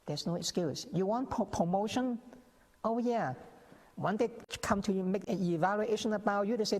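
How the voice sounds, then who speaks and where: A man's voice: sits high, moderate pace, darkish tone. Lecturing male guest with long reverb. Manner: lecturing, with many restarts and acted-out quotes. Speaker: interview guest, scholar. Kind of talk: explanatory interview talk. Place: TV interview set.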